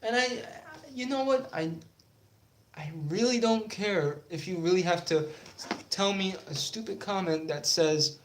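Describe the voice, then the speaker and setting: A young man rants about his team in an unhurried, halting way, full of ums and restarts. His voice sits fairly high. The room around him rings with echo. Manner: halting, many fillers, then heated and defiant. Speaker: YouTube sports channel host. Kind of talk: casual sports talk vlog. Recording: echoey room.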